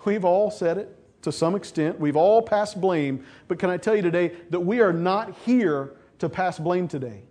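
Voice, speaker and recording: A man preaching a lively sermon who acts out the voices of scripture figures as he tells the story. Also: high voice, moderate pace. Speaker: pastor.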